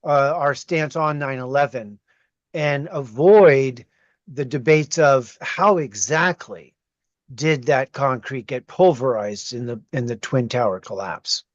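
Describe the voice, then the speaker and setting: A man's voice: medium pitch, takes it slowly, dry recording. Guy moderating a zoom chat, asks thoughtful questions, muffled dull audio, dry. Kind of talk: moderating a discussion. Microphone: video call.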